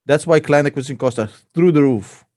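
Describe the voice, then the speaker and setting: A man's voice: a little high, fairly quick, warm tone, no echo, studio quality. A man, an investor and podcast co-host, chatting casually and joking a lot. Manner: laughs a lot, calls people bro.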